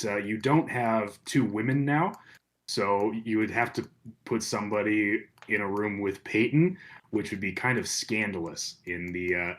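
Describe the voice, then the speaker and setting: Easygoing low-voiced male game master. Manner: easygoing, relaxed. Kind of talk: narrating a tabletop game.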